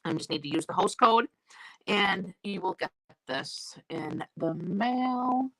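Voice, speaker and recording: A woman's voice: mid-range voice, lively intonation, takes it slowly, fairly bright tone, no room sound. A woman with a sore throat and crackly voice, chatting casually as she hosts a live stamping class and greets viewers by name. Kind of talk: live-streamed craft class chat. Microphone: new desk mic.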